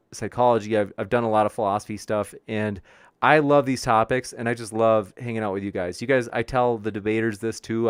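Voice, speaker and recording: On a clean studio recording with no echo, a man with a lowish, clear and resonant voice reads live chat as host of a debate show. He answers viewers in a friendly, upbeat way and stumbles over their names.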